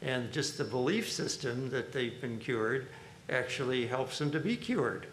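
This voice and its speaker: A man's voice: mid-range voice, measured pace. A man leading a spiritual reading group, commenting casually with chuckles and frequent fillers. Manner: relaxed, chuckling, hesitant with fillers. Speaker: monk leading a reading and discussion. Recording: roomy echo, faint background noise.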